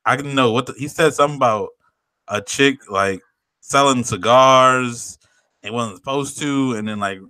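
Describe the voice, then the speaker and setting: A man's voice: mid-range voice, pushed and bright, smooth, dry recording. A man co-hosting a podcast, telling stories in casual chat, swearing freely and laughing often. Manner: laid-back storyteller, swears a lot, laughs often. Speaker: podcast co-host.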